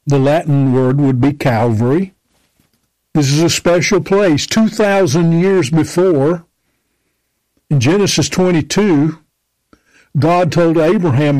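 A man's voice: on the high side, darkish tone, no echo, poor audio. A man preaching a sermon, emphatically quoting and explaining scripture.

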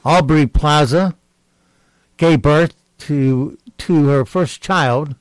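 Male radio host, unhurried deadpan joke delivery, dry close mic. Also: on the high side, no room sound, rough recording. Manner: dry, halting with ums between segments. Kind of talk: deadpan joke-reading talk show.

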